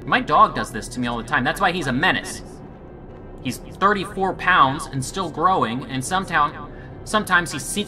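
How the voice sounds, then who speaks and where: A man's voice: fairly high pitch, animated, normal speed, pushed and bright, soft background music. A man doing let's play commentary on a horror game, joking and talking to the game, easily spooked. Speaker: game streamer.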